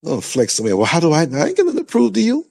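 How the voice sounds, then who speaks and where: An older man tells his stories in a casual chat, repeating himself for emphasis. His voice is gravelly and a little husky, and his pitch swings widely as he talks. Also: very fast. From New York. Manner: animated storytelling, emphatic and repetitive. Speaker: podcast host.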